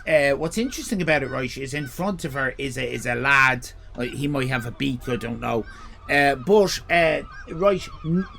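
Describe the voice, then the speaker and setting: A man's voice: mid-range voice, gravelly, fairly bright tone, slight background noise. An Irish man streaming live, chatting casually, rambling, joking crudely and reading chat messages aloud. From Ireland.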